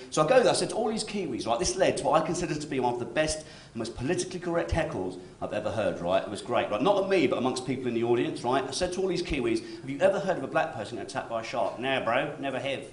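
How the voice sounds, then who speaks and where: Lively stand-up comic in a club. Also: male voice, fairly high pitch. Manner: chatty, keeps tagging lines with "right?". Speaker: stand-up comedian. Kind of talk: stand-up comedy set. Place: comedy club stage with live audience. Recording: roomy club recording.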